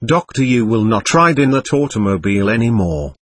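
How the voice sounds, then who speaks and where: A calm, firm doctor patiently questioning a spirit, as a male reader voices him. The tone is slightly husky with a lively pitch. The recording is close and dry. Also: fairly quick, no echo.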